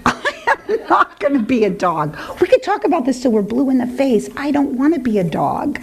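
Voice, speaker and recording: A woman's voice: sits high, very animated, moderate pace, gravelly, poor audio. Weary, reluctant woman in puppet skit. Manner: weary, reluctant and self-deprecating. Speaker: puppeteer and spiritual teacher. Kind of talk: comic puppet dialogue.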